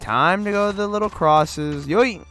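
A young man casually commenting on a horror game he plays, loud, excitable, laughing and swearing. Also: high-pitched, unhurried, faint music behind. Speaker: gaming host. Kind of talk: let's play commentary.

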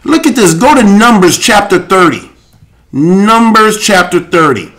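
A high-pitched man preaching on a live show, his voice leaping up and down in wide swings. He reads scripture and comments with fervent intensity, often rising to a shout. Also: lively intonation, a little slow. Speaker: host and preacher. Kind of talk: impassioned live-show preaching and Bible reading.

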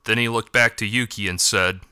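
A man narrating a story in an even, measured way. His voice is very bright and crisp, recorded dry and close. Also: lowish voice, dry recording. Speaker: audiobook narrator. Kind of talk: scripted narration.

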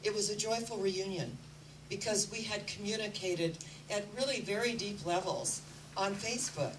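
A woman's voice: mid-range voice, normal speed, far from the mic. Woman, spiritual teacher, earnest inspirational talk, set back from the mic with a faint hum underneath. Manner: earnest, storytelling.

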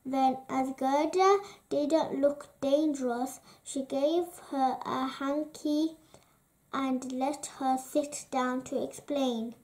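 High, very slow storybook reader. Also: female voice, fairly even intonation, a little mellow. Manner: slow and deliberate. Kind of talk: children's story read aloud.

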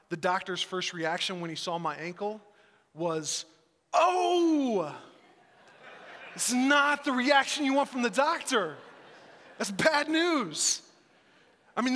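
Animated man preaching in a reverberant church. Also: sits high. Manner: conversational and animated, acts out voices in quotes. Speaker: pastor. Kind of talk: sermon. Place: church sanctuary. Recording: church sanctuary with long reverb.

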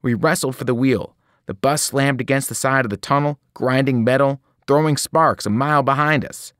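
A man reading a novel aloud to students, telling the story in a lively way and breaking into sudden voiced cries. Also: medium pitch, no room sound, studio quality. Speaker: reader.

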